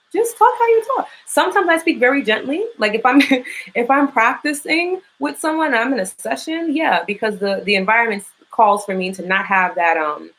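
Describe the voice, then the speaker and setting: Animated New York woman hosting. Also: a little hiss or hum, rough recording. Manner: animated, frank and profane, big swoops up in pitch. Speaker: podcast host. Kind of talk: casual live-stream chat.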